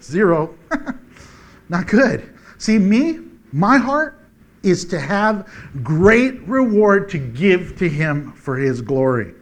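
A male pastor preaching a sermon, telling stories with playful sound effects and slowing down to read scripture. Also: a little high, a bit bright. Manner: slows down for scripture reading.

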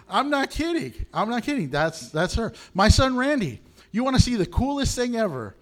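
A middle-aged man preaching a sermon to his congregation in an animated way, laughing often and swinging between low and high tones. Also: normal speed. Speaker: pastor.

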